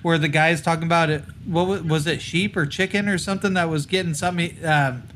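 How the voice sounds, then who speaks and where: Crude joking man, higher voice. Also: fairly even intonation, quick pace, a bit bright, a little hiss or hum. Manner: crude, jokey, profane. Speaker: podcast co-host. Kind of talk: casual chat.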